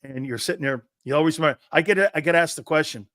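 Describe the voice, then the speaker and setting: An older man, a former college football player, co-hosting a sports talk show and telling stories with loud acted-out quotes and plenty of swearing. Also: fairly high pitch, fast, no room sound, clean studio sound. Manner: excitable, profane, acts out quotes loudly. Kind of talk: animated sports talk and storytelling.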